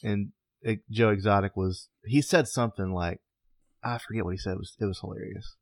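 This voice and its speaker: A man's voice: fairly low pitch, steady tone, fairly quick, no room sound. A man co-hosting a casual podcast, talking in a laid-back, chuckling way. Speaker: podcast co-host.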